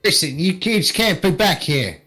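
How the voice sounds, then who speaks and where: Man voicing a male guard, brusque, hurried orders, slow, deliberate, soft music behind. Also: sits high, expressive, pitched above the performer's own voice, exaggerated voice. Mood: stern. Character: gruff male festival guard.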